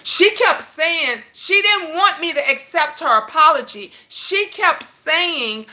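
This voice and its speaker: A woman hosting her own channel, telling a story in an animated, profane way that rushes ahead at times. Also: extremely high pitch. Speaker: channel host. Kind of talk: casual storytelling vlog.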